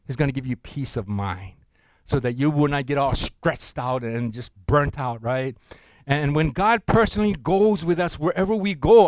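A man's voice: a little high, no echo. A man preaching a sermon, leading the congregation in reading aloud and calling for responses, with frequent laughs. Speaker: pastor.

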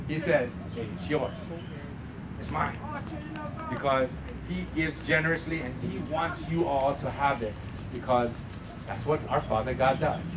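A man's voice: on the high side, background noise. A man preaching as pastor at a church service, emphatic, drawing answers from the congregation. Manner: emphatic preaching with call-and-response. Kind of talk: sermon.

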